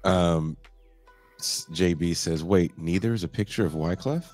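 A man's voice: deep voice, a little slow, loud music behind the voice. A man hosting a podcast over a video call, joking and teasing in casual chat, sounding a bit congested. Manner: playful, teasing, laughs often. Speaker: podcast host.

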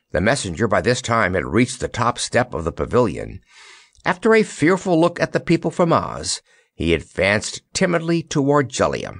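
A man narrating a children's storybook with an expressive, animated delivery. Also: lowish voice, normal speed, dry recording, studio quality. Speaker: audiobook narrator. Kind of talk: storybook reading.

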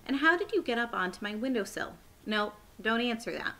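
A woman reading aloud, voicing a composed, regal older queen who asks measured, polite questions. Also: on the high side, lively intonation, fairly bright tone. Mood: puzzled, wondering.

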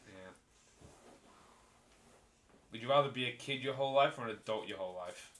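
A man's voice: mid-range voice, moderate pace, fairly bright tone. A young man hosting a casual chat, reading would-you-rather questions aloud, laughing often and swearing casually. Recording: echoey room, faint noise.

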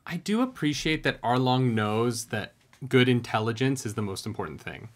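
A young man hosting a casual anime reaction video, chatty and energetic, now and then singing along loudly. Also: medium pitch, moderate pace. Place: home recording room.

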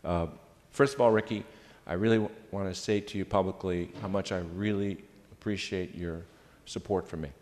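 A man's voice: sits low, steady tone, moderate pace, darkish tone. An older man giving a farewell floor speech as senate president, teasing dryly and then speaking earnestly. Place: legislative chamber. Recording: reverberant hall.

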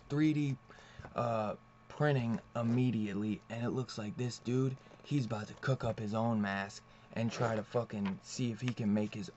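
A man's voice: fairly low pitch, a little mellow, slight background noise. A man reviewing a comic book in a loose, rambling way, swearing freely and laughing often. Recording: dull lo-fi recording.

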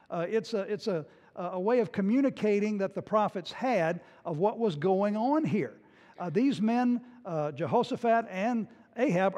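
A man preaching a sermon, retelling a scripture story in a lively storytelling way and sometimes acting out its scenes. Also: high-pitched. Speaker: pastor. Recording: long hall reverb.

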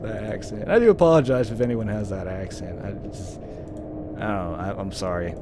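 A man hosting a casual let's-play gaming video, swearing, laughing at his own jokes and thinking out loud as he plays. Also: lowish voice, moderate pace, noisy background.

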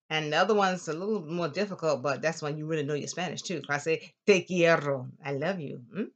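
Low-voiced woman teaching a Spanish class. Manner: lively, drills words slowly for the class to repeat. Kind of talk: classroom language lesson.

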